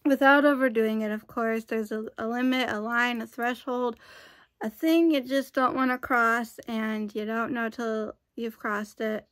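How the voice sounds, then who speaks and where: A woman's voice: a little high, fairly even intonation, measured pace, a bit bright, no room sound. A woman vlogging in a casual, chatty way, rambling with frequent asides. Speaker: YouTube vlogger.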